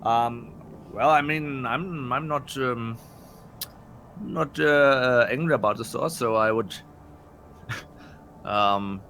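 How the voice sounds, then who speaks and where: A man's voice: mid-range voice, takes it slowly, vocal fry, long pauses, a bit bright, slight background noise. A man playing a tabletop role-playing game, speaking hesitantly with many fillers and restarts. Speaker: player. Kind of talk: casual tabletop game play.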